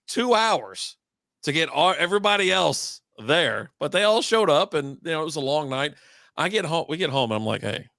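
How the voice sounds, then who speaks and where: A man's voice: a little high, fairly bright tone, dry recording. A man co-hosting a casual beer stream, telling rambling stories, swearing and laughing as he goes. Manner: rambling storyteller, swears freely, laughs at his own stories. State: recovering from illness. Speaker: co-host of a beer and sports stream. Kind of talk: casual chat.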